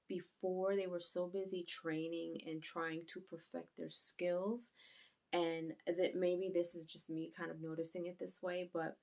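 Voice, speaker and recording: A woman reviewing an anime episode on her channel, retelling the scenes in a casual, rambling, animated way. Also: on the low side, vocal fry.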